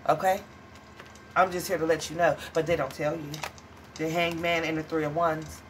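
A woman's voice: low-pitched, flat delivery, moderate pace, a little hiss or hum. A woman giving a casual tarot reading to viewers, blunt, profane and dramatic, calling them honey and child. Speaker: tarot reader.

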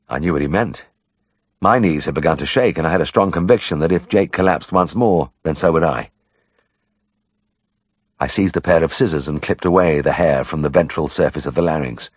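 A man narrating an audiobook in a measured, storytelling way. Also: a bass voice, breathy edge, dry recording, clean studio sound.

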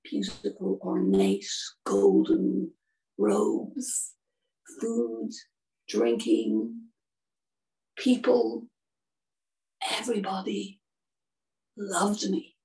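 Sad gentle statue prince, a woman doing him, hushed and slow, dark creaky voice. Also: medium pitch, animated, full character voice. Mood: sorrowful. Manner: soft, hushed and sorrowful. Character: sorrowful male prince statue, gentle and grieving. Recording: distant from the mic.

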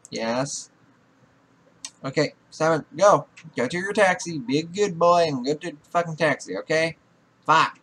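A young man commenting on a life-sim game in a bright, lively voice that swings up and down as he scolds his characters. He swears constantly and sounds perpetually exasperated with them. His tone stays fairly high for a man. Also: normal speed, pauses often. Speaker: gaming YouTuber. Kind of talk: profane Let's Play commentary.

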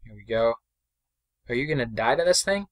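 A young man giving casual, chatty commentary over his own mobile game, excitable and self-deprecating, speaking into a desk mic. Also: medium pitch, brisk. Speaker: gameplay commentator.

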